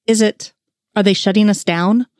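A woman's voice: mid-range voice, steady tone, normal speed, darkish tone, no room sound, natural voice. Lady doing a wry teasing fbi agent guy, kinda incredulous, dry sound.

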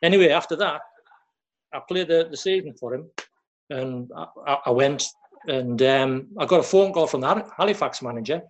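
A man, a former footballer who tells stories haltingly, repeating words and quoting others. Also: fairly high pitch, lo-fi sound. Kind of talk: casual storytelling chat.

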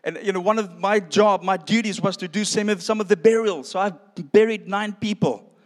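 Recorded with long hall reverb, this testimony comes from a South African preacher whose high voice moves fairly quickly with fairly even intonation. He pokes fun at himself as he recounts his story, addressing the audience as friends.

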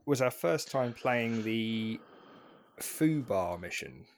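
A man's voice: mid-range voice, lively intonation, slow pace. A man co-hosting a casual chat, rambling through stories with plenty of ums and restarts. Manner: rambling, many fillers and restarts.

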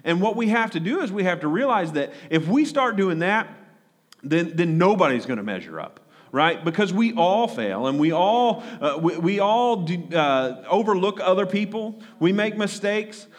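A man's voice: high-pitched, sing-song, moderate pace. A man preaching a conversational sermon, often repeating words and asking the congregation questions. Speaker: pastor.

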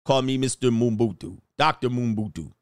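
A man's voice: mid-range voice, moderate pace, no room sound, studio quality, close to an everyday voice. A man voicing a boastful male doctor who also drives for a rideshare company, in a clumsy put-on South African accent and a comic singsong way that tacks "day" onto his sentences.

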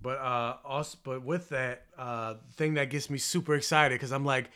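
A man's voice: mid-range voice, steady tone, moderate pace, sharp tone, clean tone. A man chatting casually, rambling and restarting his sentences often. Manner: rambling, restarts, lots of fillers. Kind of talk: casual chat.

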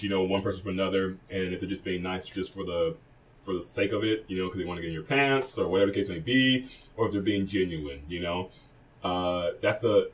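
A man's voice: low-pitched, distant mic. A man co-hosting a casual podcast from a studio, rambling and teasing. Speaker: podcast co-host.

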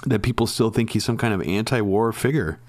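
A man co-hosting a casual political discussion, ranting and exasperated, halting with fillers. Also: lowish voice, no room sound, clean studio sound. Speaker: political commentary co-host.

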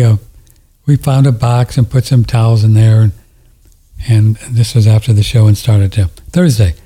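A man's voice: lowish voice, warm tone, breathy edge. A man telling a story in a casual chat on a studio mic, rambling, emotional and tender, often laughing.

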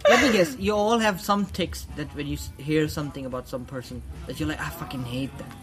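A woman in a casual group chat, animated and giggly, often quoting people. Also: deep voice, a little fast, music in the background.

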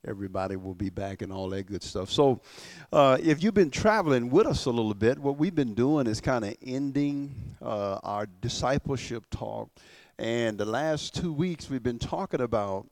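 A male pastor preaching a sermon to his church, emphatic and slowing down to stress key words, often repeating and restarting. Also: mid-range voice, animated, a little mellow, no echo.

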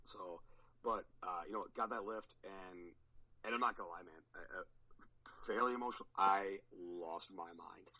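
A man's voice: sits low, moderate pace, sharp tone, lo-fi sound. A man on a podcast recounting his powerlifting meet in a rambling, casual way, with many restarts. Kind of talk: casual chat.

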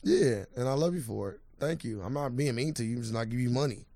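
A man co-hosting a podcast in casual banter, quick and argumentative with loose slang. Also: mid-range voice, warm tone, no echo, clean studio sound. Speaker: podcast co-host.

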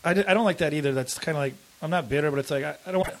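A man's voice: a little high, rapid-fire. A man chatting casually as a podcast guest, rambling with many fillers and acting out quotes in voices. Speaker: comedian guest.

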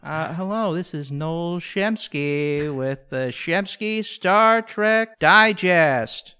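An earnest, nerdy sci-fi fan, as a man puts him on, speaking slowly and with sincere enthusiasm. He drags out his phrases as if every word matters. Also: fairly high pitch, sharp tone, clear, resonant tone.

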